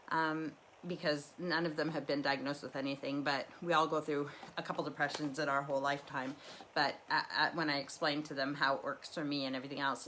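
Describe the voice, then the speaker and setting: Low-voiced woman rambling candidly at home. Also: sharp tone, a little hiss or hum, poor audio. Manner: rambling, candid, lots of restarts. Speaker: livestream host. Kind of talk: casual personal talk. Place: living room.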